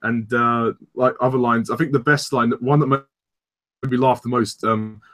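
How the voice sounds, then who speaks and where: A man's voice: mid-range voice, fairly even intonation, normal speed, a bit bright. A young man chatting casually as co-host of a film discussion, rambling and enthusiastic, with frank swearing.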